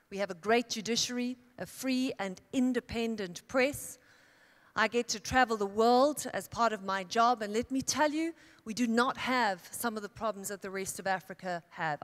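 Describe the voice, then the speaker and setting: A woman born in Italy giving a keynote speech as a dramatic storyteller, building her tale with emphatic pauses and swells. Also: on the high side. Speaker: keynote speaker. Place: large conference hall. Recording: long hall reverb.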